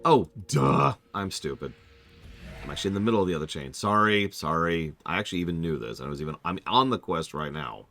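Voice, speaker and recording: A man's voice: low-pitched, fairly quick, gravelly. A man streaming a game, chatting casually and joking while he plays. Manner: lively, joking, self-correcting. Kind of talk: casual gaming commentary.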